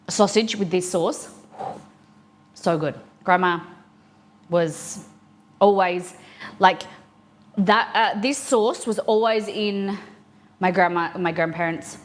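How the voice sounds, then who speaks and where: A young woman chatting casually with viewers on a live stream while eating, reading chat aloud and answering. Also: on the low side.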